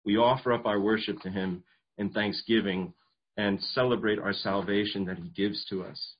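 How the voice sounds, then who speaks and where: A man's voice: on the low side, fairly even intonation, normal speed, breathy edge, muffled recording. A man preaching a sermon, earnest, often restarting and repeating words as he goes. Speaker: pastor.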